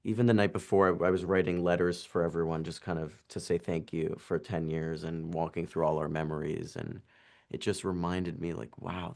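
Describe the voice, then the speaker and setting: Young man, deep voice, gravelly fry, chatty, halting, casual interview. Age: 20s. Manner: chatty, halting, full of "like" and restarts. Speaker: actor interviewee.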